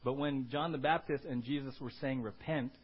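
A male pastor preaching a sermon, animated, swinging between loud emphasis and quiet low asides. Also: moderate pace, breathy edge, muffled recording.

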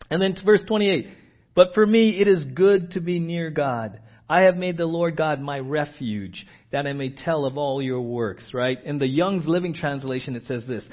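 A man preaching a sermon as pastor, moving between a hushed, slow prayer and loud, emphatic preaching. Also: a little high. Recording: dull lo-fi church audio.

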